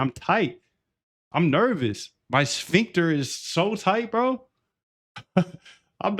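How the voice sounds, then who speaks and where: A young man ranting casually on a livestream, excitable and profane, often calling listeners bro and dude. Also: mid-range voice. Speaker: trading streamer.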